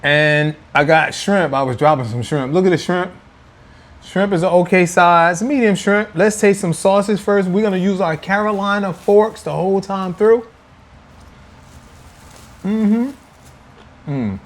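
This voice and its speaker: A man's voice: high-pitched, unhurried, pauses often. A man hosting a casual food vlog, playful and teasing as he talks to viewers at home. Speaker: food vlogger. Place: indoors at home.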